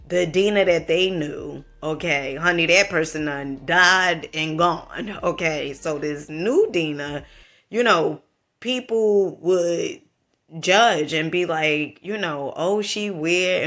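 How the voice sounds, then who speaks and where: A woman's voice: deep voice, fairly bright tone. A woman with a Southern US accent giving a motivational talk to the camera, emphatic and preachy, calling the listener honey and checking in with "right?" and "okay?". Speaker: vlogger.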